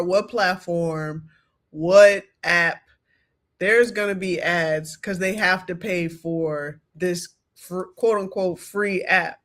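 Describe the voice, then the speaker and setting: Slow, bright-voiced podcast co-host. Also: medium pitch. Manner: responsive, chimes in with short reactions. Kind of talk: casual chat.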